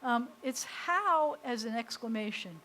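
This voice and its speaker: Woman, American accent, rabbi teaching Hebrew, lively chatty explainer, slightly high, faint hiss. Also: measured pace, low-quality recording. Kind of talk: classroom lesson.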